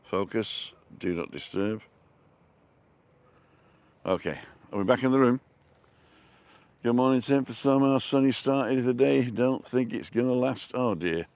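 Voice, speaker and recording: A man's voice: mid-range voice, measured pace, pauses often, a little mellow, no echo. A middle-aged man live-streaming a walking tour outdoors, chatting and greeting viewers by name from a handheld phone. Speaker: vlogger. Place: outdoors on town streets.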